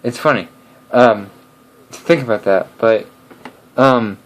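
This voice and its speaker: A young man chatting casually to camera, rambling and hesitant, with many pauses and restarts. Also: medium pitch, low-quality recording. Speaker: video creator.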